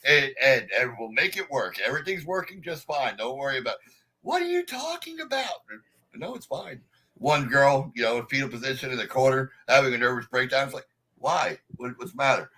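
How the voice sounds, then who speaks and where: Bright-voiced animated man telling stories. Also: brisk, rough recording. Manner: animated storyteller, acts out quoted people in high voices. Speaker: podcast guest, wrestling announcer. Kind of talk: casual chat.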